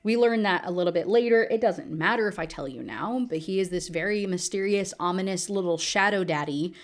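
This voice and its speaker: A woman's voice: on the low side, brisk. A woman giving a casual, sarcastic book recap, full of fillers. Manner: chatty, filler-heavy, sarcastic. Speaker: book reviewer.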